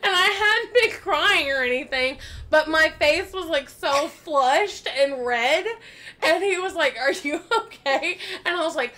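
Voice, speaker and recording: High-voiced woman telling a story, laughing. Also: a little slow. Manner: animated, laughing and swearing often. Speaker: podcast host. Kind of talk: casual storytelling.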